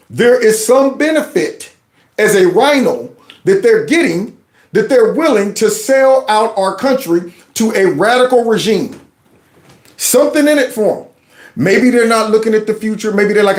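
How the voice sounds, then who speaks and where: A man hosting his own show, giving sarcastic, animated commentary on news clips. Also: high voice. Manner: animated, sarcastic, mocks others in put-on voices. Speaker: host reacting to news clips. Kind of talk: opinionated commentary. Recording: roomy echo.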